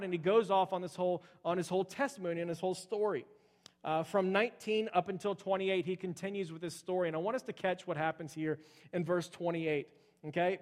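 A man preaching a sermon in a conversational way, explaining scripture with frequent fillers like "uh" and "okay". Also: high voice. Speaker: pastor.

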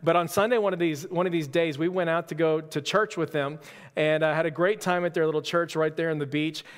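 A man, a pastor, giving a relaxed, conversational sermon with self-deprecating stories. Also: on the high side, a little fast. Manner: casual, storytelling, self-deprecating humor. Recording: long hall reverb.

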